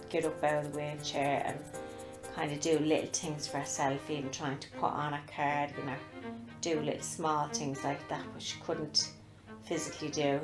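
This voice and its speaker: Irish woman, low flat voice, steady earnest telling, faint music behind. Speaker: interviewee, sister of the patient. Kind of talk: recorded testimony.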